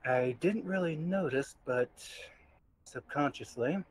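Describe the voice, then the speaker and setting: A man voicing a gentle, earnest old male spider in a tabletop game, with a soft-spoken manner. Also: a little high, slow pace, a little hiss or hum, rough recording.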